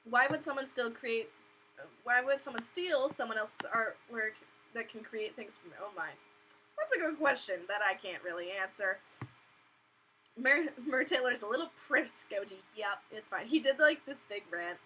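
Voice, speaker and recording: Young woman, live-stream host, chatty, giggly, bright tone, slightly high voice, webcam mic in a bedroom. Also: expressive, normal speed, slight background noise, poor audio. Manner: chatty, giggly, acts out voices of others in quotes. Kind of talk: casual live-stream chat. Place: her bedroom.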